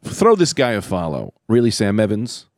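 Man, podcast host, casual chat, animated storytelling, lively pitch, dry close mic. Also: normal speed, dry recording. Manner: animated storyteller, acts out quotes. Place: room above a comedy club.

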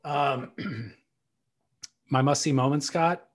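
A man co-hosting a podcast, chatting casually about surfing in a relaxed, teasing way. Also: mid-range voice, slow. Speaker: podcast co-host. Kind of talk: casual surf talk chat.

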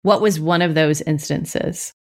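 A woman's voice: deep voice, steady tone, unhurried. A woman co-hosting a parenting podcast, asking questions in a teasing, casual way. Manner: asks questions and teases. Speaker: podcast co-host.

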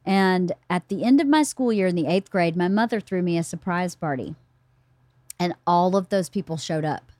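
A woman's voice: on the low side, moderate pace, a little mellow, no echo. A middle-aged woman hosting a casual book club podcast, telling family stories in a chatty way. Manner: chatty storyteller, acts out family dialogue. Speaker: podcast host.

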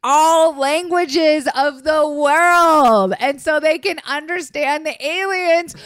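A woman's voice: high voice, slow, fairly bright tone, dry recording. Teasing woman, dry close sound. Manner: teasing, enthusiastic, swearing. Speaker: podcast co-host. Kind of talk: casual chat.

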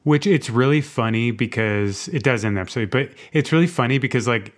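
A man's voice: mid-range voice, fairly quick. A man co-hosting a podcast, chatting casually about a TV episode, laughing often and filling with "like". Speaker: podcast co-host. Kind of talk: casual chat recapping a TV episode.

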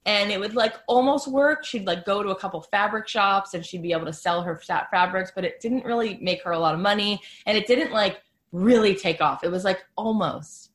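A woman's voice: medium pitch, a little fast, few pauses. A woman podcast host telling a story in a casual, chatty way, full of "like" fillers.

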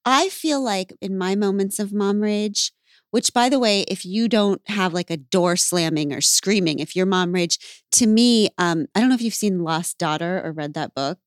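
A woman's voice: medium pitch, normal speed, clean tone, no room sound. Woman podcast host, earnest and emphatic, dry close sound. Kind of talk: casual podcast conversation.

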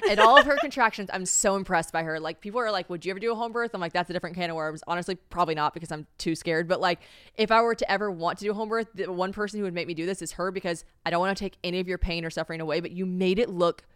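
A young woman co-hosting a podcast in casual chat, animated and acting out scenes as she tells a story. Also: lowish voice, rapid-fire, smooth, no echo, clean studio sound. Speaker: podcast co-host.

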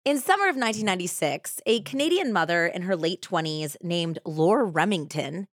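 A woman's voice: lowish voice, animated, normal speed, no echo, clean studio sound. A woman in her thirties co-hosting a true crime podcast, chatting and laughing between scripted narration. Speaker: podcast co-host.

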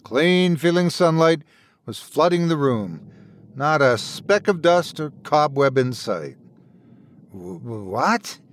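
A man narrating a scripted horror story with a dramatic, expressive delivery. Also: on the high side, slow pace.

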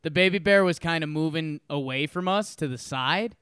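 A man telling a story on a casual podcast, acting out what people said with plenty of laughter. His voice is smooth and resonant, sitting a touch higher than most men's. The sound is dry and close. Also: normal speed, dry recording. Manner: animated storyteller, acts out quotes, laughs often. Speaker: podcast co-host.

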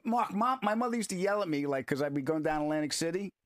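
A man's voice: a little high, animated, quick pace, no room sound, clean studio sound. Playful man hosting a chat show. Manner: playful, jokey, laughs at his own lines. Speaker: podcast host, comedian. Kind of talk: casual chat.

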